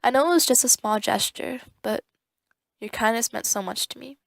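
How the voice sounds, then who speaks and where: A woman's voice: fairly high pitch, normal speed, vocal fry, dry recording. A young woman giving an earnest, grateful farewell message to a friend. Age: young adult. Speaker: student club member.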